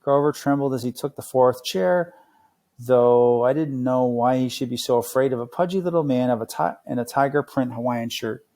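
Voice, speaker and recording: Gravelly man reading a story aloud. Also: mid-range voice, normal speed. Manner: steady, clear reading for learners. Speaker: narrator. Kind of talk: read-along narration.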